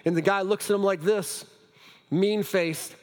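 A man preaching a sermon as pastor, telling a story with many restarts and dropping to soft, hushed lines. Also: sits high, steady tone, measured pace, in a large hall.

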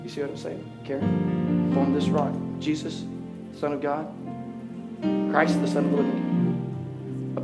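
Guy preaching a sermon, kinda high voice, gets loud and fired up, music playing loud behind. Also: unhurried, long pauses. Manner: energetic, builds to loud passionate preaching, jokes with congregation. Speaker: pastor.

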